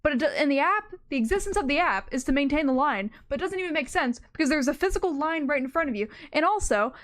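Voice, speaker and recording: A woman's voice: sits high, animated, fast talker. A young adult woman streamer casually telling a rambling, self-mocking story, swearing freely along the way.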